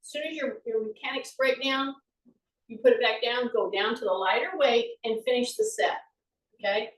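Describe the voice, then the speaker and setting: A woman with a high voice talks through a workout, chatty and encouraging as she demonstrates each move. She sounds a little away from the mic in an echoey room. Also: normal speed, far from the mic. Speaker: fitness instructor. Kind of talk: live exercise class instruction.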